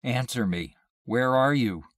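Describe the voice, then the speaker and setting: A man's voice: mid-range voice, measured pace, fairly bright tone, no echo, clean studio sound, far from the mic, pitched above the performer's own voice, lightly acted. A man voicing a frightened young man whose pleading turns to panicked screams. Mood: uneasy pleading. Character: terrified young man crying out in the dark.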